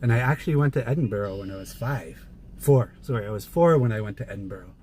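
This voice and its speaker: A man's voice: medium pitch, animated, fast talker, a little mellow. A man hosts a casual livestream from his car, talking into a phone while he drives. His voice sits in the middle range for a man, and he laughs easily and greets viewers by name. A faint hum of the car runs underneath. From Canada. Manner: chatty, laughs often, thanks viewers by name. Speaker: livestream host. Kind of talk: casual chat while driving. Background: faint car noise.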